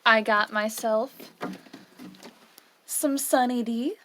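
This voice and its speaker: A woman's voice: fairly high pitch, fairly even intonation, takes it slowly, background noise. A young woman with the hiccups, chatting casually in her dorm room as she shows off the things she bought. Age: young adult. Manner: chatty, showing off purchases. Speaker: vlogger. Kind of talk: casual vlog chat.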